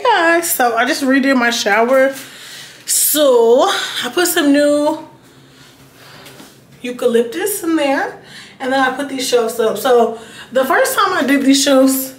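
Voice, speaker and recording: A woman vlogging at home, chatty and casual, talking straight to her viewers and cursing when annoyed. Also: sits high. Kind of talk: casual vlog chat. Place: apartment at home. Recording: echoey room with background noise.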